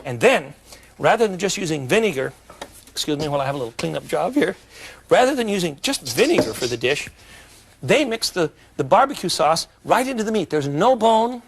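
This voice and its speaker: A man hosting a cooking demonstration in a studio kitchen, talking in a folksy, chatty way with jokes and asides, and getting excitable when enthused. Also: a little high, a little fast, creaky, slight background noise. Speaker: cooking show host.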